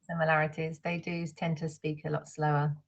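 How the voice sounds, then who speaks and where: A woman with a Southern English accent, a guest on a live stream, talking slowly and modestly with pauses and little laughs. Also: low voice, little pitch movement, highs cut off. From Southern England.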